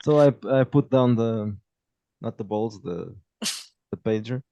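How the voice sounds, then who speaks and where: A man playing a tabletop game makes crude, casual jokes as he acts out his character. His voice is mellow and dark, recorded dry. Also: fairly low pitch, a little slow, no room sound, muffled recording. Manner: crude, joking. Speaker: player. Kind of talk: casual role-play chat.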